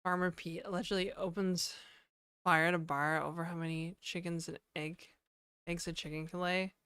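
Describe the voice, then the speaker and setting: Smooth low-voiced woman chatting on stream. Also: fairly even intonation, normal speed, a bit bright, no room sound, clean studio sound. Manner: chatty, reads chat aloud and laughs. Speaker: livestreamer. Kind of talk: casual livestream chat. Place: home in Toronto.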